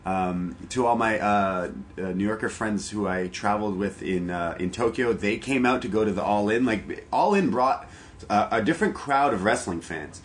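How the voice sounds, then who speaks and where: A man from Canada co-hosts a casual podcast, his voice on the low side. He rambles cheerfully and laughs easily. A faint hiss sits under the recording. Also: expressive, moderate pace. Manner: rambling, upbeat, laughs often. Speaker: podcast co-host. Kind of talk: casual chat.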